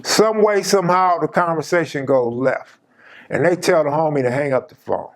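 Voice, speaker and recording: A man's voice: a little high, moderate pace. A man hosting his channel, casually telling a personal story in an emphatic, slang-heavy way.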